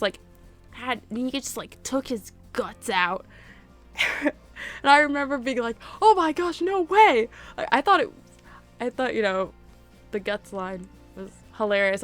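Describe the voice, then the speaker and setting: A woman's voice: mid-range voice, a bit bright. A woman talking casually to camera as a YouTuber, gushing and emphatic, full of fillers. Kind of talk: casual fan chat to camera.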